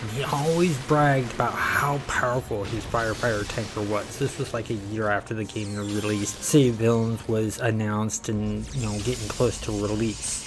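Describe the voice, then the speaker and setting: A man's voice: on the low side, steady tone, moderate pace, few pauses, background noise. A man hosting a gaming channel, casually telling a story in a rambling way, acting out the quotes.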